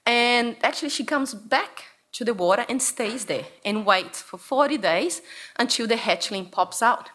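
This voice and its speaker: Bright-voiced Brazilian woman telling stories. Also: fairly high pitch, a little slow. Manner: animated, playful, acts out voices. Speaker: researcher and speaker. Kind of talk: storytelling talk to an audience.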